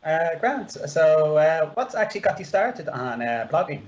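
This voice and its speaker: A man's voice: a little high, big pitch swings, a little slow, darkish tone. A man co-hosting a podcast, asking the guest questions. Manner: asks interview questions. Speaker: podcast co-host. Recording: muffled with faint background noise.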